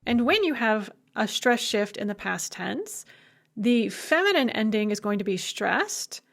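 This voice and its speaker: A woman language instructor giving a recorded lecture, emphatic and lively, with playful asides. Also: a little high, a little slow, gravelly.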